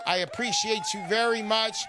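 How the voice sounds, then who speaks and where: A man's voice: high-pitched, moderate pace, crowd noise. A man hosting a call-in radio show, brash, salesy and joking as he talks to callers.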